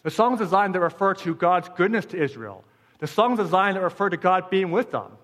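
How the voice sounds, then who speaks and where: A man's voice: high-pitched, expressive, a little fast, a bit bright, long reverb tail. A man preaching a sermon as pastor, asking rhetorical questions and repeating phrases for emphasis.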